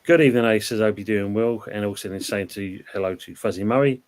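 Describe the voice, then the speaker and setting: A man's voice: lowish voice, fast talker, a little mellow. A man hosting a casual live-stream football chat, rambling along and reading out viewer comments. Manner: chatty, reads out viewer comments. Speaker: host.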